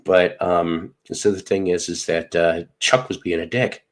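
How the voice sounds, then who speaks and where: A man's voice: deep voice, steady tone, a little slow. A middle-aged man from Northern Illinois, casually telling a profane story and acting out the dialogue. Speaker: podcast host.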